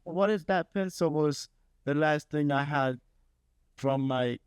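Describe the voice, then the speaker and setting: A man's voice: on the high side, slow, clean tone, no room sound. Playful teenage guy co-hosting. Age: late teens. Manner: playful, defensive, jokey. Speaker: podcast co-host. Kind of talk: casual chat.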